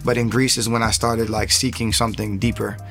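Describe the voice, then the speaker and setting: A young man giving his testimony as a podcast guest, telling his past in a casual, animated way that rises when he relives key moments. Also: on the low side, brisk, gravelly, soft background music.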